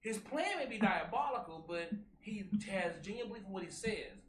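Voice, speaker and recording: An excitable man with a bright, forceful voice, recapping a movie and repeating his lines as he jumps in over his co-host. He sounds like he's in an echoey room, with a faint hum behind him. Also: high voice, moderate pace. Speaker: podcast co-host. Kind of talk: casual movie recap chat.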